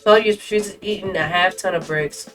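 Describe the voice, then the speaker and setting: A woman's voice: lowish voice, fairly quick, fairly bright tone, soft background music. A woman hosting a reaction video, gasping and exclaiming as she comments on clips.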